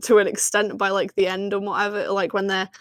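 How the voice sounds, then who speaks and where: A woman's voice: medium pitch, completely flat delivery, fairly quick, no echo. A woman co-hosting a podcast in casual chat, talking freely and laughing often. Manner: chatty, laughing often, lots of fillers. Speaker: podcast co-host.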